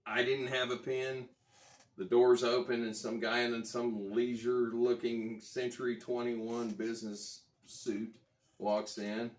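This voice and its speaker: A low-pitched man spins a rambling personal story, stopping to correct details and chuckling along the way. He sounds a bit distant from the mic, and the room rings around his voice. It feels like a casual vlog from a guitar trader. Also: echoey room. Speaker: guitar dealer vlogger.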